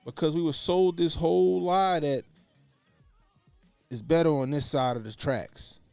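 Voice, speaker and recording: A man with a slightly raised pitch and a gravelly edge, talking bluntly in casual commentary. He swears freely and drives his points home by saying them twice. Faint music runs underneath. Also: fairly even intonation, unhurried, darkish tone, dry recording. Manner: blunt, profane, repeats points for emphasis. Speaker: podcast co-host.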